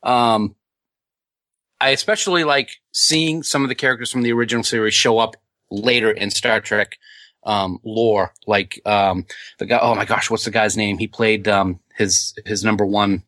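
A man's voice: on the low side, steady tone, normal speed, sharp tone, dry recording. A man co-hosting a casual fan podcast, rambling with frequent ums and restarts. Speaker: podcast co-host.

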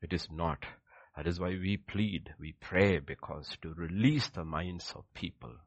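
A man preaching a sermon with emphatic rhetorical questions, swinging between loud declarations and hushed asides. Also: deep voice, measured pace, no echo, highs cut off.

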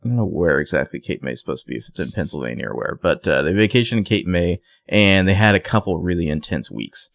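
A man with a deep, low voice talks through a TV episode in loose, rambling podcast chat, laughing now and then. The recording is dry and close, with no room sound. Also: lively intonation, fast talker, gravelly, hardly any pauses, dry recording. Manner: rambling, conversational, laughs often. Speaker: podcast co-host. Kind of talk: casual TV episode recap chat.

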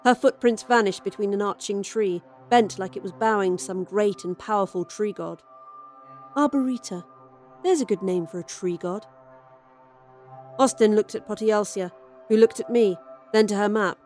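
Lady storyteller reading a horror story, wry and dry, mid pitch. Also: normal speed, a little mellow, soft background music. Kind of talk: scripted horror story narration.

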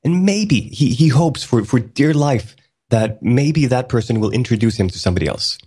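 A man's voice: medium pitch, animated, moderate pace, dark tone, slightly rough. A man from Sweden co-hosting a podcast, talking casually with frequent hesitations and fillers. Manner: hesitant, many fillers and restarts. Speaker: podcast co-host.

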